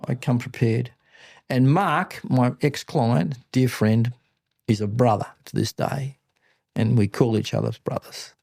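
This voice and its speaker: Older Australian male mentor, warm-toned, animated raconteur, dry close sound. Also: mid-range voice, gravelly, no room sound. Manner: animated anecdotes, blunt and salty. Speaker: podcast guest, business mentor. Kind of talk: casual interview storytelling.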